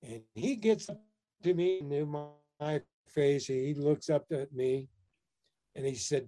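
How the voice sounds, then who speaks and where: A man telling a personal story in a casual interview, animated and laughing often as he talks. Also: a little high, slow. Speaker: interview guest.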